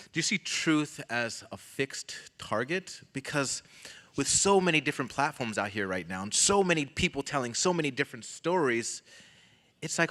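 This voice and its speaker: A man's voice: medium pitch, pushed and bright, dry recording. A man interviewing a guest at a live stage event, speaking in a casual, blunt and frank way. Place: event stage before an audience.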